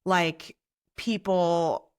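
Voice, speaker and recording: A woman with a slightly low voice talks as an interview guest in a loose, chatty way. She is enthusiastic and full of "like"s and quick asides. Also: fairly even intonation, a little mellow, clear, resonant tone. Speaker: guest, TV co-host. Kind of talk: casual interview chat.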